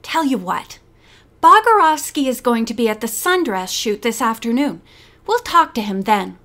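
A woman reading the lines of a smooth, patronizing male organizer in an audiobook, in a soothing, reassuring manner. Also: on the high side, sing-song, moderate pace, bright, forceful tone, full character voice.

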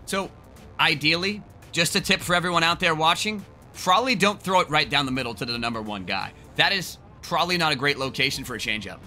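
A man giving excited, joking gameplay commentary with crude trash talk and bursts of yelling. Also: fairly high pitch, a little fast, over music. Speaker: gaming video creator.

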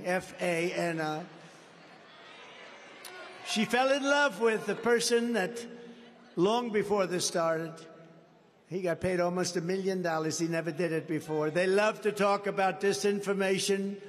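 A man delivers a campaign rally speech from a podium in a large indoor hall, his fairly high voice ringing out with a long reverb tail. He rambles, repeats phrases for emphasis, and moves between shouted lines and low asides. Faint noise sits underneath. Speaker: political candidate. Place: large indoor university venue.

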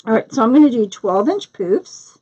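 A woman's voice: fairly high pitch, sing-song, normal speed, mellow, husky, dull audio. A middle-aged woman hosting a live craft tutorial, chatting casually and greeting viewers by name as she works. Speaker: crafting livestream host.

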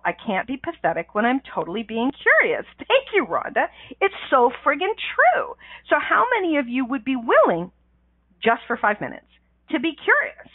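A woman's voice: on the high side, no room sound. A woman hosting a call-in radio show as a life coach, talking with lots of energy, laughing often and using slangy, emphatic phrasing. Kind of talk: animated call-in radio talk. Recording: tinny phone line.

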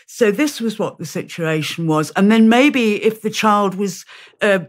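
A woman's voice: mid-range voice, lively intonation, measured pace. A woman speaking as a guest in an interview. She talks hesitantly, restarting sentences and acting out short quoted examples. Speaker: guest with experience working with parents. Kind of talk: conversational interview answer.

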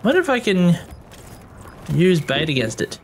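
A man's voice: high-pitched, very animated, moderate pace, slight background noise. A man giving joking, exclamatory commentary while playing a video game. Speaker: gameplay streamer. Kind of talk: let's play commentary. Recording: voice over loud game music.

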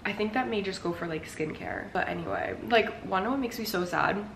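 A woman's voice: medium pitch, animated, fairly quick, vocal fry, fairly bright tone. A young adult woman chatting casually to camera at home for her vlog, rambling and peppering her talk with "like". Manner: chatty and rambling, heavy use of "like". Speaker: lifestyle vlogger. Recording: roomy echo with faint noise.

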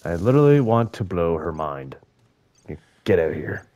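A man's voice: low voice, big pitch swings, moderate pace, dark tone, muffled recording. A young man giving casual, profane gameplay commentary, joking and talking to the creatures on screen. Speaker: gaming YouTuber.

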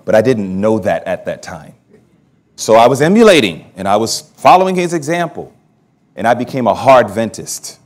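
A man's voice: fairly low pitch, sing-song, normal speed. A man pastor preaching a sermon, telling his own story with humor and laughing at himself. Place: church hall at a camp meeting.

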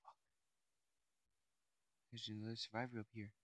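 Young dude gaming commentary, kinda low voice, dry close mic, swears a lot, rambly. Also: male voice, completely flat delivery, normal speed, fairly bright tone, no room sound. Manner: profane, rambling, jumpy. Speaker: gamer. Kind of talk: casual Let's Play commentary.

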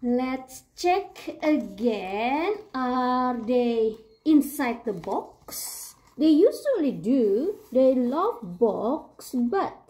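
A young woman reading a children's picture book aloud at story time, playful and animated, with gasps and giggles. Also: sits high, drawn-out words, hardly any pauses.

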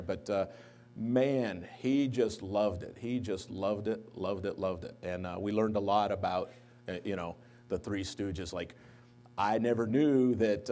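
A man, likely a pastor, giving a eulogy at a church memorial service, telling anecdotes and livening up when he quotes others. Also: fairly low pitch. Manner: anecdotal storytelling, lively when quoting others. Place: church sanctuary.

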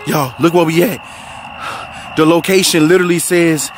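A man hosting a family skit vlog, talking excitedly to a phone camera, often shouting. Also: on the high side, unhurried, a little hiss or hum. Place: outdoors at night, then in a car.

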